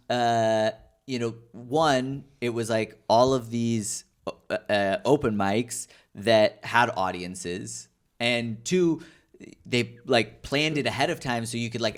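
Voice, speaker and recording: A man hosting a casual podcast, asking questions in a halting way with many restarts. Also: medium pitch, fairly bright tone. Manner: hesitant, many fillers and restarts. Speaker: podcast host.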